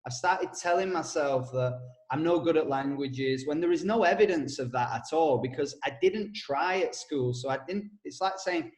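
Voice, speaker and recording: A man co-hosting a casual podcast chat, telling stories with frequent laughs and quick asides. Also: on the high side, reverberant. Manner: chatty storyteller, laughs often, quick asides. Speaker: co-host, personal development coach.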